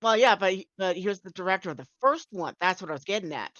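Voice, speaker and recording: Lively, joking woman on a dull mic. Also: medium pitch, fast, dry recording. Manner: chatty, laughs often, joking. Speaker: podcast co-host. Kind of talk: casual movie riff chat.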